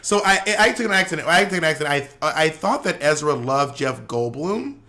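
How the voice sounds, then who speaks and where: A man's voice: on the high side, animated, brisk, sharp tone. A man co-hosting a podcast in loose, profane, joking chat, often acting out the people in his stories. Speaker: podcast co-host. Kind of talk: casual chat.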